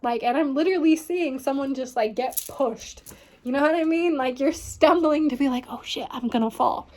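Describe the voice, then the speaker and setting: A woman's voice: sits high, normal speed, darkish tone. A woman giving a casual tarot reading, rambling and filling her talk with "like" and "you know what I mean". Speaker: tarot reader.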